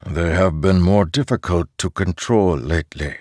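A man voicing a calm farmer who oversees soldiers in an audiobook; the voice is kindly and soft, and he speaks slowly and reassuringly. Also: low voice, no room sound, studio quality. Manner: slow, measured and reassuring. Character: calm middle-aged male farmer overseer, kindly but firm.

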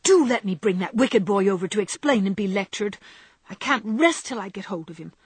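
A woman voicing an impetuous, tomboyish teenage girl who speaks loudly and headlong. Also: mid-range voice, lively intonation, fairly quick, slightly rough, no room sound. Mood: indignant. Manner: loud, indignant, headlong.

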